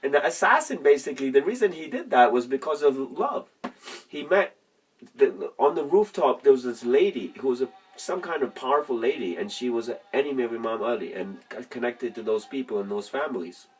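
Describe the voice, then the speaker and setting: A man's voice: medium pitch, lively intonation, a little fast, husky. A man telling a religious story and ranting in a casual, profane, rambling monologue, laughing mid-sentence. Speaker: religious vlogger. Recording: distant from the mic.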